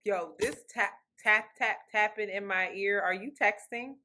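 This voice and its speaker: Bright-voiced teasing woman co-host. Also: medium pitch, unhurried, a little hiss or hum. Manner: teasing, blunt and laughing. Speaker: podcast co-host. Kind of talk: casual chat.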